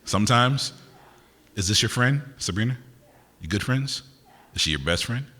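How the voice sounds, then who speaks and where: Expressive and bright, his mid-range voice carries a forceful tone with a slight roughness. He is an older poet on stage before an audience in a university concert hall, joking and teasing between pieces and asking people their names. The live recording has a long hall reverb.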